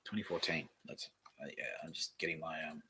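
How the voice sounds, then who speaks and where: A man's voice: rumbling low, fairly even intonation, a little fast, bright, forceful tone, a little hiss or hum. An Australian man hosting a solo podcast, reading aloud in a meandering, offhand way and swearing casually. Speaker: podcast host.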